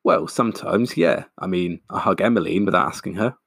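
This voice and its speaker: A man's voice: sits low, brisk, creaky, slightly rough, no echo, clean studio sound, full character voice. A man voicing a nervous young man who talks in a casual, jokey way.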